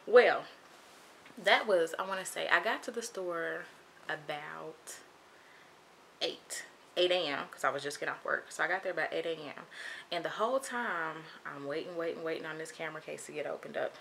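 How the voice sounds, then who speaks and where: A young woman telling a casual storytime, animated and chatty, acting out what people said. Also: low voice, moderate pace, creaky, slight background noise. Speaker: vlogger.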